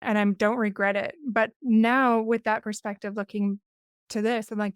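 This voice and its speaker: Woman in her 40s hosting a podcast, measured and thoughtful, crisp voice. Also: mid-range voice, little pitch movement, dry recording, studio quality. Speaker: podcast host. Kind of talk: reflective conversation.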